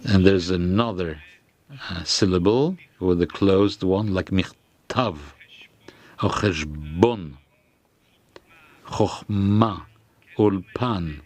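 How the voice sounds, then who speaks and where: Slow, hesitant male lecturer. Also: sits low, darkish tone. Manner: slow and hesitant, with frequent fillers and restarts. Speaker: lecturer on grammar. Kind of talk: halting lecture explanation.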